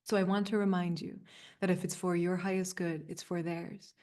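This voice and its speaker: A woman in her thirties coaching a group over a video call, earnest and soft-spoken, with frequent fillers and little laughs. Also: on the low side, little pitch movement, moderate pace. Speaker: spiritual coach leading a group session. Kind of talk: live community coaching session.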